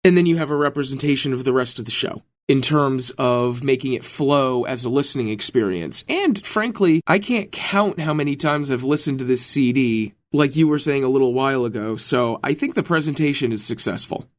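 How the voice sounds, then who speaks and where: A man's voice: medium pitch, animated, brisk, few pauses. A man co-hosting a podcast in casual chat, with a dry, joking delivery. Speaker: podcast co-host.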